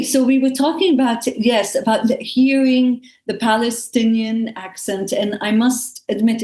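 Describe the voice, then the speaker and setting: A woman who is a stage actress, answering on a panel in an unhurried way and often restarting and correcting herself. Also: medium pitch, darkish tone. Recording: echoey room.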